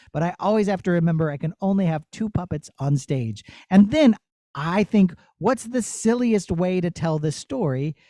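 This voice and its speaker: A man who works as a puppeteer, answering children's questions in a playful, animated way on a video call. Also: sits high, no echo. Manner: animated, storytelling tone with silly asides.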